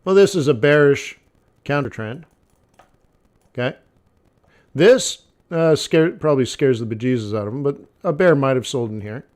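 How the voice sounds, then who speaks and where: At normal speed, pausing often, a man with a slightly mellow, medium-pitched voice walks viewers through live forex trading. His delivery is blunt and conversational, with repeated phrases and many "okay" and "like" fillers.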